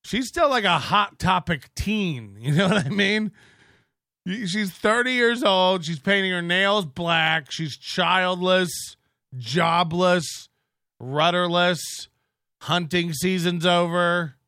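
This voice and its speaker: Man, host, sarcastic clip commentary, crude, slow deliberate delivery, bright tone. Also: sits high, dry recording, studio quality. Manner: sarcastic, crude, quotes people in mimicking voices. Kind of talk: mocking commentary on stream clips.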